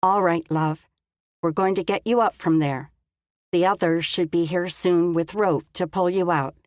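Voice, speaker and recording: A woman's voice: lowish voice, fairly even intonation, a little slow, a little mellow, no echo, studio quality, natural voice. A woman voicing a worried, tender young man calling urgently to someone below.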